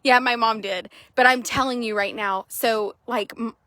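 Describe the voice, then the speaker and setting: A young woman horse trader chatting casually outdoors at an arena, quick and loose, swearing now and then. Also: on the high side, steady tone, bright, forceful tone, no room sound. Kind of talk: casual narration while riding.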